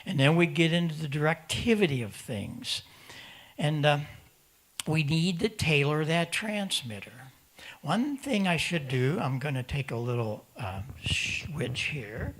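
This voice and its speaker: Guy giving a fired-up talk at a ham radio conference, kinda high voice, keeps repeating himself for emphasis, into a handheld mic. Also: unhurried. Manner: animated, emphatic, repeats words; acts out voices of other hams. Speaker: presenter at a ham radio symposium. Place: conference room in front of an audience.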